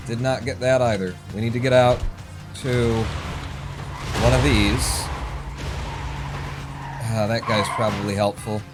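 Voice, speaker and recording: A man's voice: medium pitch, steady tone, measured pace, pauses often. A man streaming a speedrun, commenting on his play while swearing and talking to himself. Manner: swears often, mutters running self-talk. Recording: game music under voice.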